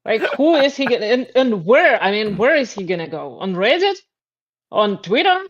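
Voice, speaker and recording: A woman's voice: on the high side, sing-song, normal speed. A woman co-hosting a podcast, speaking bluntly and dismissively in casual chat. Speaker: podcast co-host. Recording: dull lo-fi sound.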